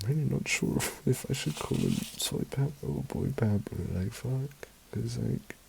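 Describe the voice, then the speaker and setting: A man's voice: fairly low pitch, creaky, noisy background. A man vlogging in casual chat, rambling and emotional, swearing often.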